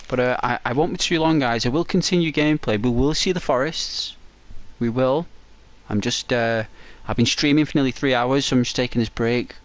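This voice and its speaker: Streamer guy on a break, dry croaky throat, rambly chat, says like a lot, medium pitch. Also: fairly quick. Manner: rambling, full of "like". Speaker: game streamer.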